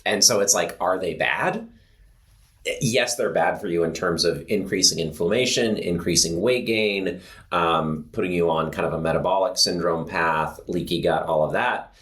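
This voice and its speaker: Casual podcast co-host, male, very low pitch, loose filler-heavy delivery. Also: moderate pace, fairly bright tone. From Pacific Northwest of the US. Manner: rambling, filler-heavy, laughs easily. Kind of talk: casual health podcast chat.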